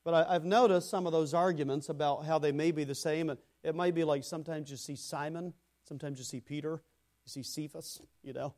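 A man preaching a sermon to a congregation. He builds to loud emphatic phrases, then drops into quiet, low asides, and addresses listeners by name. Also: fairly even intonation, a little fast. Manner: speaks to congregation members by name. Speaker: pastor.

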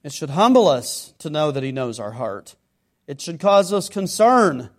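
Unhurried and sing-song, a man with a fairly high voice preaches a sermon. He moves from loud exhortation into quieter, earnest moments, acting out both imagined questioners and their replies.

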